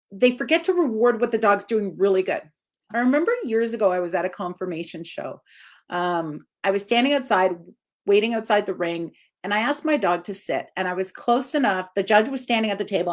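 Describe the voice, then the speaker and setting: A dog trainer in her forties gives an informal live video talk, speaking expressively and swinging her voice up high for emphasis.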